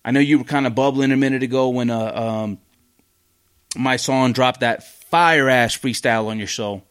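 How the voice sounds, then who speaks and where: A man ranting on his own podcast, swearing freely and talking bluntly. His pitch sits in an ordinary middle range. He stumbles over his words and restarts often as he gets heated. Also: normal speed, fairly bright tone, clear, resonant tone. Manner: profane, blunt, heated, many fillers and restarts. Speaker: podcast host. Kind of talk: casual ranting commentary.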